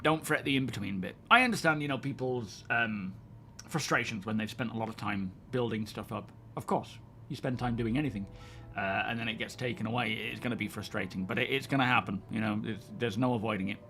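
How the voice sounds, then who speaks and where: A man's voice: mid-range voice, fairly quick, fairly bright tone, a little hiss or hum. A man hosting a live stream, chatting casually and greeting viewers as he rambles.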